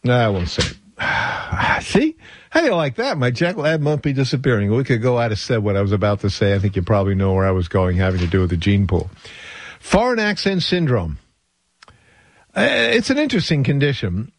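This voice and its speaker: A man's voice: medium pitch, no room sound. Wry, chuckling male radio doctor. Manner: wry, sarcastic asides with chuckles. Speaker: radio talk show host and doctor. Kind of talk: radio health talk monologue.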